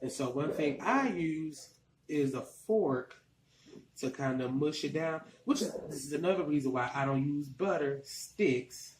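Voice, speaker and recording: A man's voice: on the high side, animated, unhurried, roomy sound, slight background noise, low-quality recording. A man from Arkansas with a Southern accent, rambling casually while he walks through a cooking tutorial in his home kitchen. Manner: chatty, rambling, colloquial. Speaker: cooking vlogger.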